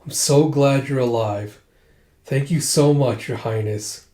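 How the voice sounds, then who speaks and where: A man voicing a loyal, protective young bodyguard in a storybook reading, steady and tender. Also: medium pitch, measured pace, reverberant, natural voice.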